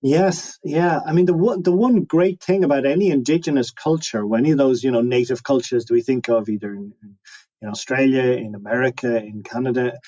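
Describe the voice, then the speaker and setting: A man's voice: mid-range voice, a little mellow, dull audio. A man talking as an interview guest, musing and reflective, often restarting his sentences. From Ireland. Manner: musing, many restarts and trailing phrases.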